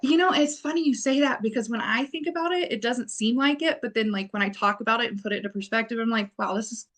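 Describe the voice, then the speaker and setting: A woman's voice: on the high side, quick pace, fairly bright tone. Woman, business owner guest, rambling and wordy, casual podcast chat. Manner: wordy, rambling, many fillers.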